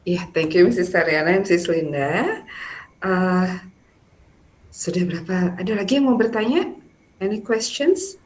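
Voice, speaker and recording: A woman's voice: fairly low pitch, animated, low-quality recording. Woman moderating an event. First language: Indonesian. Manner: formal closing remarks, switches into quick Indonesian asides.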